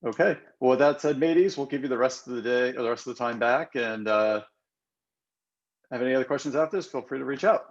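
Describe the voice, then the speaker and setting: A man hosting a work video-call meeting, speaking in a measured, businesslike way. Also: mid-range voice, muffled recording. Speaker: meeting host.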